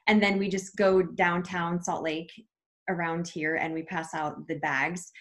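Lower-pitched mother, casual interview guest; warm, rambling delivery. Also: level tone, unhurried.

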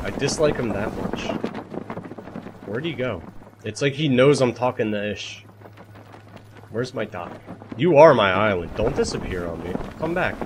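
A young man livestreaming a survival game, chatting to his viewers with animated, self-mocking commentary, swearing and laughing as he goes. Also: lowish voice, background noise. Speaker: streamer. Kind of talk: live-streamed gameplay commentary.

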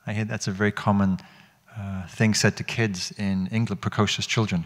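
In a hall, a man gives a dharma talk, teaching meditation reflectively, asking the audience questions, and often restarting his phrases. His fairly low voice keeps a steady tone at normal speed.

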